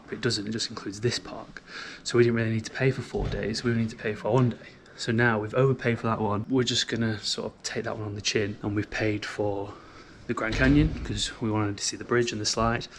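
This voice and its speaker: A man's voice: lowish voice, a little hiss or hum. A man talking casually to camera, explaining travel plans while walking through a mountain park. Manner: chatty, conversational, explains plans as he walks. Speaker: travel vlogger. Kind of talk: casual travel vlog narration.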